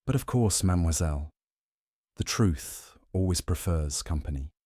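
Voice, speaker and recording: A man voicing a shrewd, fastidious Belgian detective who talks in a courteous, probing way and slips in French phrases. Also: sits low, animated, warm tone, no room sound, clean studio sound.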